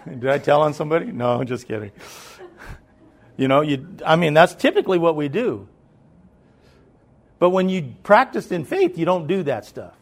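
A man with a voice on the high side and lively intonation preaches a sermon at a normal speed, pausing often. He starts conversationally, frequently checking that listeners are following, then rises into loud, emphatic preaching.

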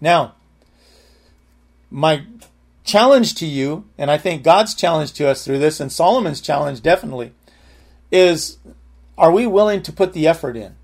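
Casually preaching man with higher voice. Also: a little mellow. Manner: conversational preaching with frequent amens and restarts. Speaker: pastor. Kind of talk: sermon.

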